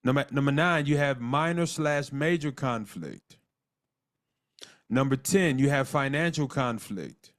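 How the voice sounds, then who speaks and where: A man teaching a marriage class on a live call, earnest, often repeating words and slowing down to dictate and spell out terms. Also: mid-range voice, expressive. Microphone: call audio.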